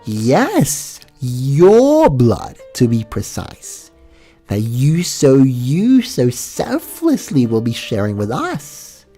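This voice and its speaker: A man voicing a haughty vampire mare in a stiff put-on British accent, speaking slow and clear as if to a fool. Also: mid-range voice, sing-song, dark tone, soft background music, voice pushed up, exaggerated voice. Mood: commanding.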